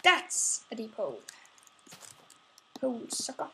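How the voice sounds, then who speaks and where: High, slow-talking woman at play. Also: huge pitch swings, pushed and bright, slight background noise, poor audio. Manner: grumbling and swearing, talking to in-game animals. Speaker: gameplay channel host. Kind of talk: let's play commentary.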